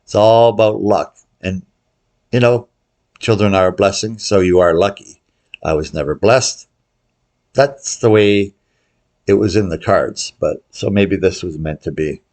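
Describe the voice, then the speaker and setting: An older man with a low, slightly mellow voice hosts a baccarat tutorial. He's chatty and jokey, calling out bets to viewers as casual commentary over live play.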